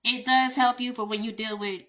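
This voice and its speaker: A Southern woman with a slight lisp tells stories in a chatty, animated vlog. Her voice is bright and clear, with a loose, conversational manner. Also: a little high, normal speed. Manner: chatty, animated storytelling with light laughs. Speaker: lawyer. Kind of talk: casual storytime vlog.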